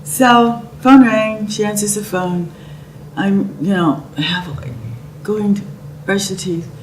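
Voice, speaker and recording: A middle-aged woman with a mid-range voice tells a personal story slowly and vividly, acting out the quotes of what people said. The recording is roomy, distant, and noisy.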